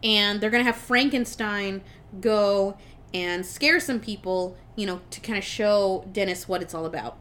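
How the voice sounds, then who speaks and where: A woman's voice: mid-range voice, unhurried, slight background noise. A young adult woman co-hosting a podcast, casually recapping a movie plot with lots of swearing and laughter. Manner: animated, swears freely, laughs while retelling. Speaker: podcast co-host.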